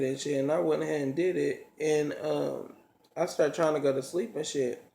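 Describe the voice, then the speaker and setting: A man's voice: a little high, steady tone, normal speed, creaky, dark tone. A man telling a story to his vlog audience in blunt, profane casual talk, acting out each scene as he goes, in a roomy echoing room. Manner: blunt, profane, dramatic retelling.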